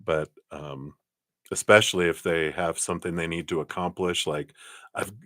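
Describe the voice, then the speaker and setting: A man's voice: sits low, steady tone, moderate pace, fairly bright tone, no room sound, studio quality. A man giving a live-streamed tarot reading, chatty and laughing often, with lots of ums and you-knows. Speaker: tarot card reader.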